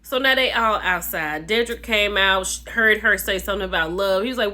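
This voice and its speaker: A woman vlogger recapping a reality show in a casual gossip style, animated, calling viewers "baby" and "child". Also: medium pitch, fairly quick. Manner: animated storyteller, calls viewers "baby" and "child", laughs often.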